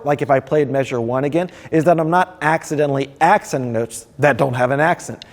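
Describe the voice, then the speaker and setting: A man's voice: a little high, a little mellow, in a large hall. A man, a percussion professor, explaining snare drum rolls step by step in a friendly instructional video.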